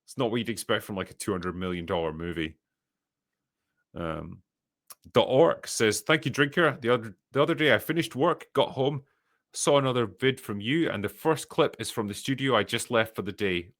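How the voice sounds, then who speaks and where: A Scottish man with a somewhat low voice hosts a casual podcast. He reads viewer messages aloud and answers them with dry, profane, sardonic quips. The sound is dry and close to the mic. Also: moderate pace, fairly bright tone, no room sound. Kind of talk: casual chat.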